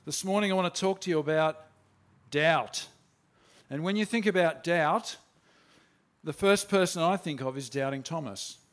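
Earnest male preacher, slightly high voice. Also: moderate pace, long pauses. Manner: earnest, plain-spoken, with frequent restarts. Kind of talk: sermon.

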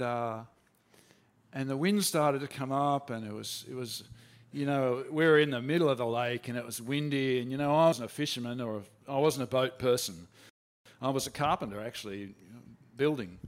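A man speaking as a bewildered male disciple, retelling events in the first person in a sermon, with excited rising outbursts. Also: mid-range voice, voice pushed down, natural voice.

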